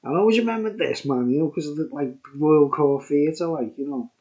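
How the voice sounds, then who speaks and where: Middle-aged man, tipsy beer reviewer, rambling and chuckly, slightly high voice, dull lo-fi audio. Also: fairly quick, a little mellow. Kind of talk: rambling casual chat.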